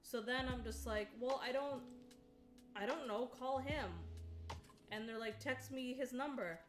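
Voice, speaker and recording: A woman co-hosting a stream, retelling events in an exasperated, casual way full of "like". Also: sits high. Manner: exasperated, quick retelling with many "like"s. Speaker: co-host of a stream. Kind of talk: casual storytelling chat. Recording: music playing clearly behind.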